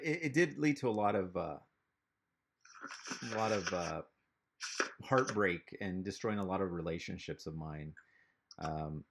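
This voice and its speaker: A man doing a stand-up comedy set over a video call, rambling and halting, with lots of fillers. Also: low voice.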